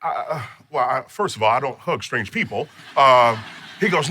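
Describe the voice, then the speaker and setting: A man's voice: mid-range voice, animated, brisk, bright, forceful tone, slightly rough. A man teaching a personal finance course in an emphatic, storytelling way with playful asides. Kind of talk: motivational teaching talk.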